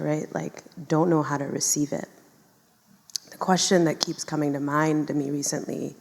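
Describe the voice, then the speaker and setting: Woman w a low voice, thinking out loud on a panel, lots of um and you know, echoey hall. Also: vocal fry. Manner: reflective, many fillers and asides. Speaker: panel guest. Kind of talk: live panel conversation before an audience.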